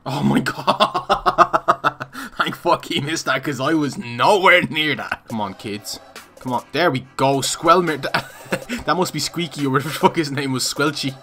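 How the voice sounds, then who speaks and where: A young man giving casual, excitable gameplay commentary, swearing and laughing often. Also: a little high, normal speed, faint music behind. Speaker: gaming YouTuber.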